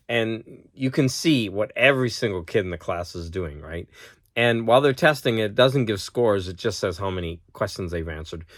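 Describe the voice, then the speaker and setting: A man's voice: lowish voice, no echo, clean studio sound. A man who teaches school, chatting casually to camera at home, rambling and laughing at his own stories while getting over a cold. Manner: rambling, laughs often, talks to his dog. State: has a cold. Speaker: vlogger and teacher. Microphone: camera close-up.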